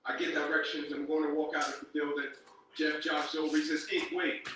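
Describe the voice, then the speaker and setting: A man telling a story as a motivational speaker, building to passionate shouts. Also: fairly high pitch, monotone, fairly quick, distant mic, background noise. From Atlanta, Georgia. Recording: echoey hall from afar with loud music.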